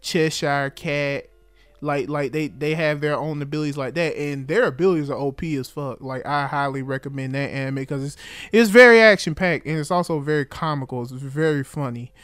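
Excitable young man, higher pitch, dry sound. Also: moderate pace, smooth, dry recording, soft background music. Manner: enthusiastic, repeats words, swears casually. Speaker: podcast co-host. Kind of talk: casual chat.

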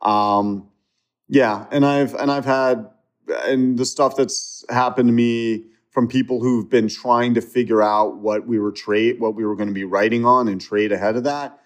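A man's voice: medium pitch, a little slow. A man being interviewed, telling stories in a rambling, casual way with restarts. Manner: rambling, restarts, animated when mocking. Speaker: guest.

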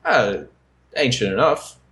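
A man's voice: medium pitch, big pitch swings, slow pace, gravelly, fairly bright tone. Man playing a sarcastic British hero. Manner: banters in a put-on British character voice, dry and sarcastic. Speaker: tabletop game player. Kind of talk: playing a character in a tabletop game.

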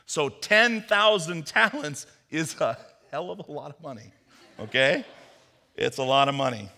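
A man preaching a sermon, telling a parable with animated storytelling and bits of acted dialogue. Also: on the high side, moderate pace, gravelly. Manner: animated storytelling, acts out Peter's voice. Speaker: pastor. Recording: long hall reverb.

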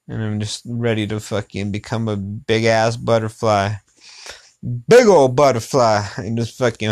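A man's voice: medium pitch, smooth. A young man hosting a podcast, chatting casually in a rambling way with lots of swearing and filler phrases. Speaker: podcast host. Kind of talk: casual chat.

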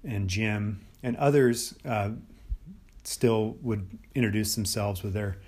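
A man's voice: on the low side, steady tone, slow, darkish tone, breathy edge. A middle-aged American man teaching on the Bible in a loose, unscripted podcast talk, thinking aloud with many restarts and fillers. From United States.

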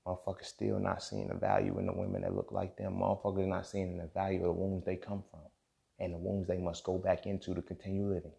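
The podcast host speaks fast in a low, gravelly, dark voice with flat delivery, and the highs of the recording are cut off. Alone on the mic, he vents angrily and emotionally, profane and emphatic, with frequent "you feel me" check-ins.

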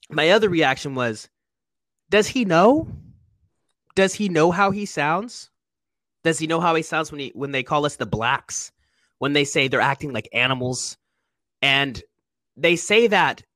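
A man in conversation, speaking with raw earnestness about things that hurt him. His voice sits a touch high and rises and falls a lot as he presses his points, with frequent restarts. The sound is dry and close, with no room echo. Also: fairly bright tone. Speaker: soldier guest. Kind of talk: candid conversation.

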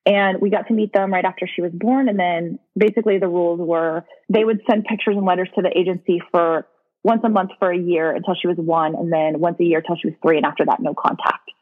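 A woman with a husky voice, a podcast guest frankly telling her personal story in conversation. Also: on the low side, steady tone, fast. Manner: frank, blunt, with occasional swearing. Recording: tinny phone-like line.

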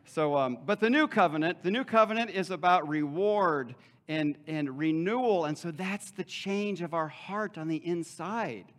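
A man's voice: fairly high pitch, moderate pace, a bit bright. A man preaching a sermon as pastor in a conversational way, with joking asides and frequent checks like "okay?".

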